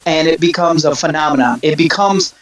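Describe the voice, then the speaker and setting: Rambling, excitable male music fan. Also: fairly high pitch, a little fast, low-quality recording. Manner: rambling storyteller, many restarts. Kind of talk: casual chat.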